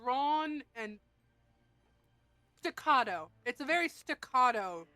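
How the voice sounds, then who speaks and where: Casting: bright, higher-voiced woman, animated casual chat, dry close mic. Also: takes it slowly, no echo. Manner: animated, explains with sound effects. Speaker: player.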